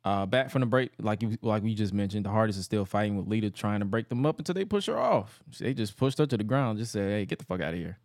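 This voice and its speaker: A man co-hosting a podcast, casually recapping an old wrestling show, animated and laughing often. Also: quick pace, few pauses, dry recording, studio quality. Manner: animated storyteller, laughs often, jumps into high mocking voices for quotes. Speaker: podcast co-host.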